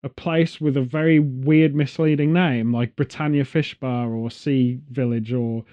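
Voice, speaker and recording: A man's voice: mid-range voice, steady tone, unhurried, dark tone, highs cut off. An English man from England hosting a casual chat, full of sarcastic, joking rants.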